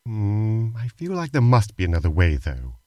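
A man's voice: on the low side, wildly swooping pitch, moderate pace, no echo, highs cut off. A man co-hosting a comedy podcast, answering in a dry, exasperated manner. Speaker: podcast co-host.

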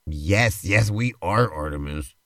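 A man's voice: low-pitched, animated, takes it slowly, pushed and bright, dry recording, studio quality. A man hosting a podcast and narrating a playful tabletop-style role-play adventure as game master, in an easygoing, rambling way.

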